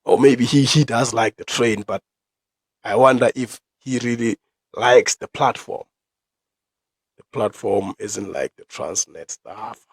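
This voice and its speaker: A young South African man hosting his own podcast. He gives opinion commentary in a ranting, profane way, with sudden loud outbursts. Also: medium pitch, takes it slowly, dry recording. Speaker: podcast host.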